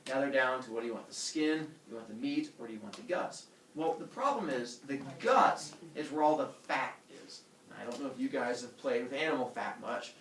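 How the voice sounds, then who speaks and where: A man teaching a class, retelling a myth with lively acted-out character voices. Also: medium pitch, brisk, a little hiss or hum. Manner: animated, acts out characters with silly voices. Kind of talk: storytelling lesson to students. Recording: echoey room from far off.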